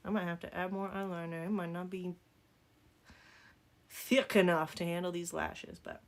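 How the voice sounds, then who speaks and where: Creaky-voiced Southern woman chatting. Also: lowish voice, little pitch movement, moderate pace. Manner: joking, rambling asides. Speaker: makeup vlogger. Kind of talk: casual chatty tutorial.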